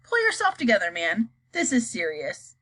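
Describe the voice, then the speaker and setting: A woman's voice: extremely high pitch, sing-song, normal speed, pushed and bright, voice pushed up, full character voice. A woman voicing an angry, impatient male ground controller. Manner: barking, impatient.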